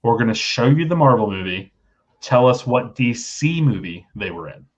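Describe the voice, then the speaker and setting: Casting: relaxed male quiz host for a live stream, mid-pitched, slightly muffled audio. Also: normal speed. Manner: easygoing, reads questions and jokes between them. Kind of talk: casual live trivia stream.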